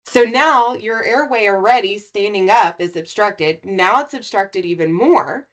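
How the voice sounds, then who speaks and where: A woman guest on a podcast, earnestly retelling her own story in a lively, conversational way and checking in with "right?" as she goes. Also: mid-range voice, a little slow, muffled recording. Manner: earnest, animated retelling with frequent "right?" tags. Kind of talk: personal storytelling in a podcast interview.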